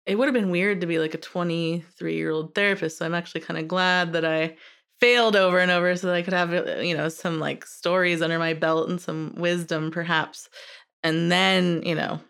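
A woman's voice: on the low side, fairly even intonation, brisk, gravelly, a bit bright, clear, resonant tone. A woman in her forties, a therapist, telling her own story candidly in a casual chat. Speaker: therapist, podcast guest.

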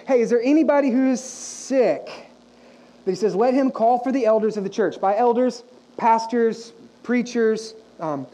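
Young pastor guy preaching, chatty and animated, asks the crowd stuff, warm mellow voice. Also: extremely high pitch, low-quality recording. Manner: animated, conversational preaching with rhetorical questions to the congregation. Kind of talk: sermon.

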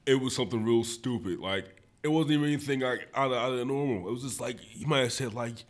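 A young man hosting a podcast, telling laid-back stories in casual slang. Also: quick pace. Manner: laid-back slang-heavy storytelling, gets high-pitched when laughing. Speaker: podcast host. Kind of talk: casual chat.

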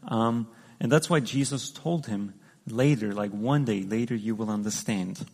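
A man's voice: on the low side, a little slow, a little mellow. Man, sermon, conversational and hesitant, long reverb of a hall. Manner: conversational, hesitant, many restarts and fillers. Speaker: preacher.

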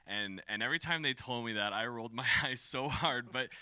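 A young man with a very bright, smooth voice speaking as a grateful son. He talks sincerely, with small stumbles, and the sound is dry and close. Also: medium pitch, dry recording. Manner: sincere, halting.

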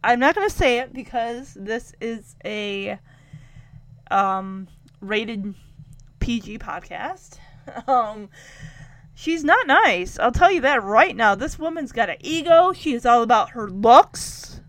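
Woman podcaster recapping a show, high voice that swoops all over, does the characters. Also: slow, no room sound. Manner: animated, acts out characters' lines. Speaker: podcast host. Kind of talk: casual retelling of a show episode.

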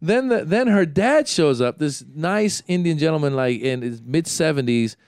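Animated storytelling man, slightly high voice. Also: normal speed, clean tone, no room sound, studio quality. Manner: animated storytelling, self-deprecating. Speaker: podcast host. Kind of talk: casual chat.

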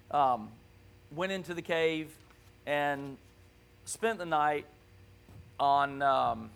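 A man preaching a conversational sermon in a church, animated and often checking in with his listeners. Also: a little high, vocal fry. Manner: animated, keeps asking "right?".

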